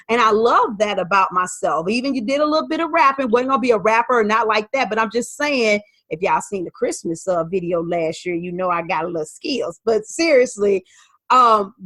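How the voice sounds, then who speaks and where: A woman, telling an animated story about learning Spanish. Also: on the high side, dry recording. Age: 40s. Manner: lively, animated storytelling with quoted voices. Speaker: podcast host and Spanish learner. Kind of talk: testimonial talk.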